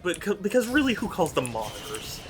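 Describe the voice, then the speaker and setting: A man's voice: sits high, wildly swooping pitch, brisk, noisy background. A man streaming a game and chatting casually with viewers, playfully bickering with them and sounding exasperated.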